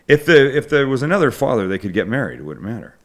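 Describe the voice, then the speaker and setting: A middle-aged man from Canada trades jokes with his crew while hosting a cooking show. He reads odd news stories out loud and swears now and then. The talk is loose and offhand. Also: medium pitch, big pitch swings, fast. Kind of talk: casual banter with crew.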